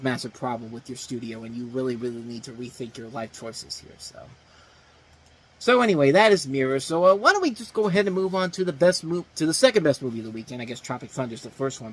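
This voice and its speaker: A husky, medium-pitched man runs a movie review show in a loose, rambling style, full of fillers and restarts and punctuated by animated emphasis. The audio quality is poor.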